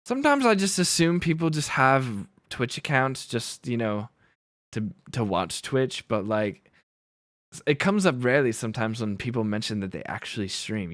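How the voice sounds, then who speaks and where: A man's voice: mid-range voice, expressive, moderate pace, a bit bright, dry recording. Guy streaming on twitch, chatty, keeps laughing and fixing his own words, dry close mic. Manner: rambling, laughs often, self-corrects. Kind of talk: casual live-stream chat.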